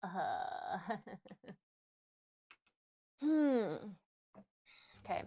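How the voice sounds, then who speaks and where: A woman's voice: fairly low pitch, wildly swooping pitch, takes it slowly, gravelly, pauses often, warm tone, faint music behind. A young adult woman streaming a game, chatting casually with her viewers and swearing often as she works through a puzzle. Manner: chatty, swears a lot, talks to chat. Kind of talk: casual live-stream commentary while gaming.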